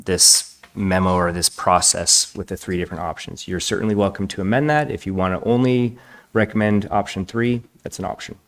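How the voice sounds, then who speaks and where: A man's voice: low voice, fairly even intonation, a little fast. A man from planning staff explaining a process to a commission in a matter-of-fact way. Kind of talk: explaining at a public meeting.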